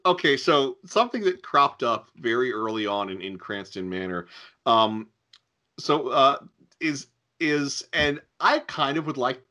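A man co-hosting a casual podcast chat about old adventure games, wry and quick to laugh. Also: mid-range voice, animated, sharp tone. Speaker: podcast co-host.

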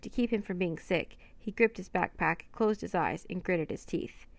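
A woman narrates a children's storybook, slipping into light voices for each character. Her voice sits low with a gravelly, creaky grain. The recording is close and dry. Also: animated, moderate pace, no room sound. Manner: reads every character in lightly raised voices.

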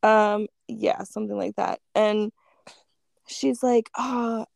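Gravelly, mellow-voiced woman telling a story. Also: medium pitch, steady tone, slow, no room sound, studio quality. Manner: laid-back, swears freely, lots of "like". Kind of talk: casual storytelling chat.

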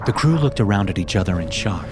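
A man reads a scripted horror story in a steady, measured way. His voice sits a little low, and clear background music runs under the narration.

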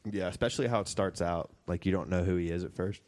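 A man's voice: low voice, quick pace, a little mellow. A man in his twenties co-hosting a podcast, chatting casually with friends, laughing often and rambling through his points. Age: 20s. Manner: laughs a lot, rambling, jokey. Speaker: podcast co-host. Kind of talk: casual chat among friends.

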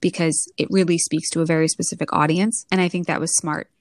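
A woman co-hosting a podcast, talking in a chatty, animated way and breaking into laughs. Her voice sits a little low and sounds close and dry, with no room around it. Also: fast, dry recording. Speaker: podcast co-host. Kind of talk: casual chat.

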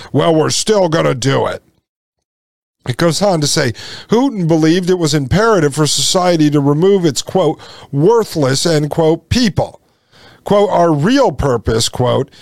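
A man's voice: fairly high pitch, dry recording, studio quality. A male podcast host reading from an article and breaking off into indignant, sarcastic commentary. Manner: indignant, sarcastic asides between quoted passages.

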